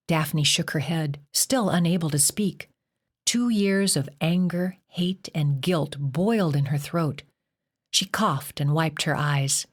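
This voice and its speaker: A woman reading a horror novel aloud as an audiobook narrator, measured and expressive. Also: sits low. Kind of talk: scripted narration.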